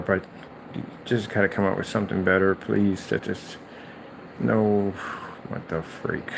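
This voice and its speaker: A man hosting a gaming video, ranting in exasperated, animated commentary and mocking imagined replies. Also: lowish voice, vocal fry, noisy background. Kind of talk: ranting commentary over clips.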